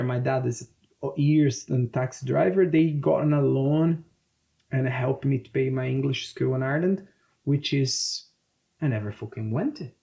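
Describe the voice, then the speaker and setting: A man in his thirties from Brazil with a Brazilian accent, speaking English as a second language, telling animated, swear-filled stories as a podcast guest. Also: mid-range voice, creaky. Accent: Brazilian Portuguese. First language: Portuguese. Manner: swearing, animated, acts out quotes. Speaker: guest, jiu-jitsu coach. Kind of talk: casual storytelling interview.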